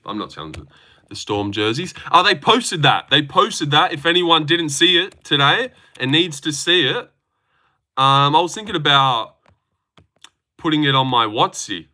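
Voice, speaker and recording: A young man whose voice is a little high talks at a moderate pace with an Australian accent. As host of a livestream, he reads out comments with loose, excitable banter and frequent swearing.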